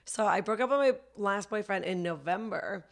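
A woman comedian talking on a podcast in a gravelly voice full of fry, pitched in the middle. She chats casually and self-deprecatingly, laughing often. A dry throat gives her the odd cough. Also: moderate pace. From Canada. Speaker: comedian guest.

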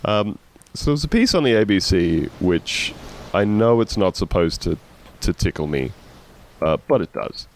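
A man hosting a casual comedy podcast, wry and deadpan, sounding tired. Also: sits low, measured pace, slight background noise. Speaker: podcast host.

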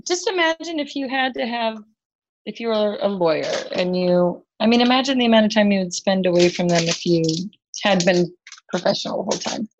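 A woman's voice: medium pitch, lively intonation, a little fast, highs cut off, slight background noise. A woman co-hosting a podcast in casual chat, frank and reassuring with a playful streak. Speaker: podcast co-host.

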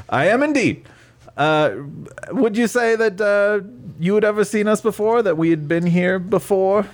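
A man's voice: high voice, unhurried. A man in a tabletop role-play chat, questioning witnesses in a mock trial, talking hesitantly with many fillers and restarts.

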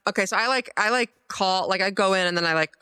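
A player in a tabletop game who thinks out loud while describing what their character does. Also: mid-range voice, fast talker, smooth. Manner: chatty, thinking aloud.

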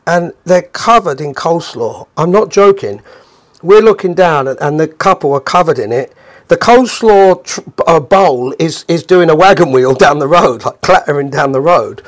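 Animated man telling a story as podcast host. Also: on the high side, normal speed. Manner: animated, acts out the quoted voices of people in his stories. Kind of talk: storytelling monologue.

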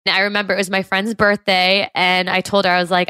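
A woman's voice: medium pitch, flat delivery, fairly quick, few pauses, bright, forceful tone, smooth, no echo, clean studio sound. A woman telling a personal story in an earnest, casual way, with many fillers and restarts. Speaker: guest telling her story.

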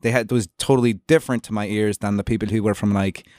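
A man's voice: lowish voice, steady tone, fast, a little mellow, no echo, studio quality. A man being interviewed as an actor guest, talking casually and rambling through stories with many fillers and restarts.

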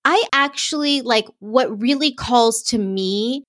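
A woman's voice: a little high, takes it slowly, fairly bright tone, no room sound, studio quality. A woman hosting a casual chat who talks playfully and expressively, acting out bits of dialogue.

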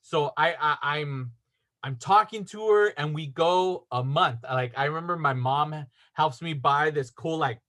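A man's voice: a little high, measured pace, pushed and bright. A man telling a story in casual chat, rambling with lots of fillers and acting out the dialogue. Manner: rambling, filler-heavy, acts out quoted dialogue. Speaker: podcast storyteller.

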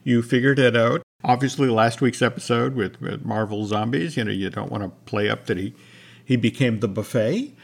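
A man's voice: medium pitch, moderate pace, vocal fry, husky. A man co-hosting a podcast, talking casually and reading news and sponsor copy. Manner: conversational, many restarts, reads sponsor copy. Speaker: podcast co-host.

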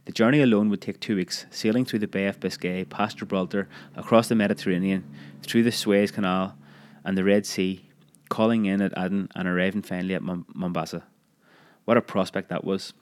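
A man narrating a memoir audiobook in a measured, expressive storytelling manner. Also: deep voice.

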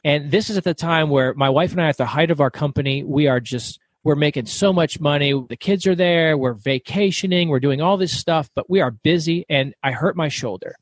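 Fast, loud storytelling man. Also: on the high side, no echo. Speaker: guest author. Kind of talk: storytelling interview.

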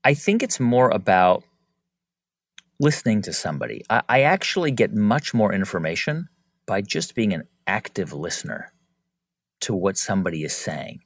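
A man answering interview questions in a relaxed conversational way, telling anecdotes expressively. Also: lowish voice, moderate pace, no room sound, studio quality. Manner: animated, expressive storytelling. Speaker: guest, interviewer of founders.

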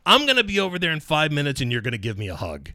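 Guy doing his blunt demanding program director boss, pitched up high, punchy. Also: expressive, normal speed, fairly bright tone, dry recording, clean studio sound. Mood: excited.

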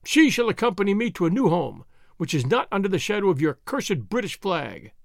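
A man's voice: high voice, a little fast, vocal fry, dry recording, studio quality, voice pushed up, exaggerated voice. A man doing a bitter, raging Boer father. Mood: defiant. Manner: excited, raving.

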